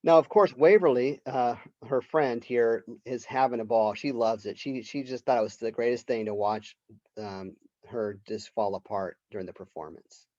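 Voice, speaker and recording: A man's voice: mid-range voice, normal speed, darkish tone, dry recording. A male literature professor giving a college lecture, retelling a story in a casual conversational way. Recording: dull lo-fi lecture recording.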